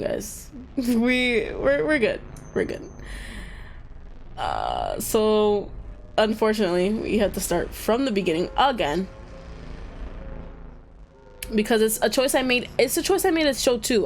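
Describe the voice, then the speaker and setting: A woman's voice: medium pitch, sing-song, normal speed, long pauses, soft background music. A woman streaming a game, chatting to her viewers and reacting with frustration as she plays. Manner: frustrated, talks to chat, self-deprecating. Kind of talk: gameplay commentary.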